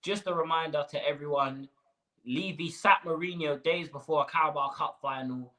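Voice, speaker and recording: A man's voice: a little high, normal speed, bright, forceful tone, poor audio. A man hosting a live fan stream, ranting with rhetorical questions and slang. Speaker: fan channel host.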